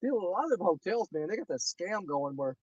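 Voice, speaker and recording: High-voiced man telling stories. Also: a little fast, breathy edge, no echo. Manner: animated, indignant storyteller. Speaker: angler co-host. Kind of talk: casual chat. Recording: dull lo-fi recording.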